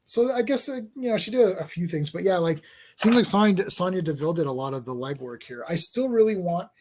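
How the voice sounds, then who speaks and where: Excitable high-voiced man rambling. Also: brisk, slight background noise. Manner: rambling, excitable, acts out scenes. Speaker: co-host. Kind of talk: casual wrestling chat.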